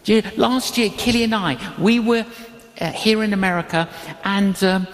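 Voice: medium pitch, moderate pace. An older preacher delivering a sermon in an emphatic, repetitive style and telling a personal story, heard in a reverberant hall.

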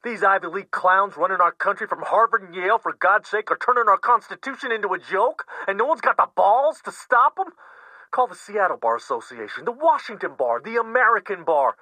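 A man's voice: sits high, expressive, fairly quick, pushed and bright, no echo, pitched above the performer's own voice, full character voice, low-quality recording. A man playing a fiery, outspoken middle-aged friend who swears bluntly and talks indignantly. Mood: outraged.

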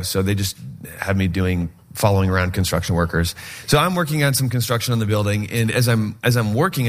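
A man in his forties preaching a sermon, joking and acting out his own reactions as he tells stories. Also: on the low side. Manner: animated, joking storyteller who acts out his own reactions. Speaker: pastor.

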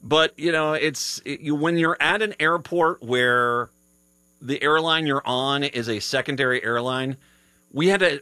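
A man hosting a live radio show, tired after a long day of travel. He talks casually and rambles, restarting his sentences often. His voice sits a bit high and bright, close and dry in the studio. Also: no room sound. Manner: rambling, with many restarts and laughs. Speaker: radio host.

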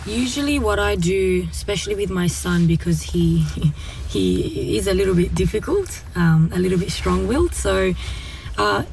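A mother in a casual discussion who speaks calmly and gently, telling stories about her children. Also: medium pitch, moderate pace, gravelly, a little hiss or hum. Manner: calm, gentle, storytelling with acted quotes. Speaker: parent guest.

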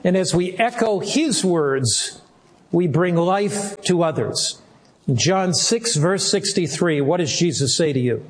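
An older man preaching a sermon as a pastor, earnest, with slow, drawn-out emphasis on key words. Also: sits high, expressive.

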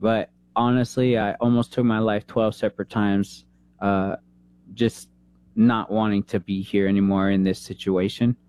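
A man in his thirties, a veteran, telling an emotional personal story in an interview, earnest and halting, holding back tears. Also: fairly low pitch, little pitch movement, a little mellow, smooth. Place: San Antonio, Texas.

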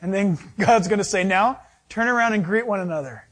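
A man's voice: sits high, fairly quick, a bit bright, a little hiss or hum. A middle-aged male pastor preaching a sermon, acting out quotes and laughing as he goes.

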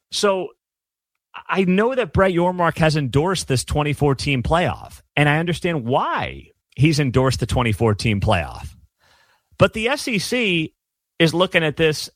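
A middle-aged man hosts a sports talk show and rants bluntly and sarcastically about the game. His voice is dry and close, with no room sound around it. He sits at an everyday middle pitch for a man. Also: a bit bright, no echo. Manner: blunt, exasperated, sarcastic ranting. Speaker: host of a sports talk channel. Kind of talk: opinionated sports commentary monologue.

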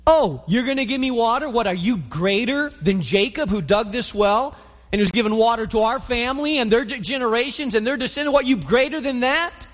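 A man doing a guarded, sassy Samaritan woman, full of attitude and quick to mock. The voice sits high and rings out in a long, echoing hall. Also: big pitch swings, a bit bright, full character voice. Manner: sarcastic, challenging, dismissive.

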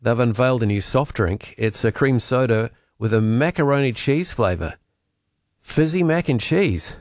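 Jokey New radio host. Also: male voice, mid-range voice, expressive, moderate pace, dry recording, studio quality. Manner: chatty and jokey. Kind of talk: breezy radio banter. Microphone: studio mic.

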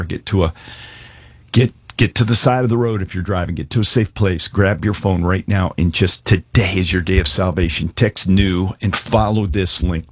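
Male pastor, low husky voice, dry close sound, earnest casual preaching. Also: no room sound. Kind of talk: sermon with altar call.

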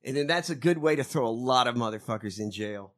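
A man's voice: medium pitch, fast. A man co-hosting a podcast, chatting casually and profanely about politics. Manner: animated, profane, laughs often. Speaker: podcast co-host.

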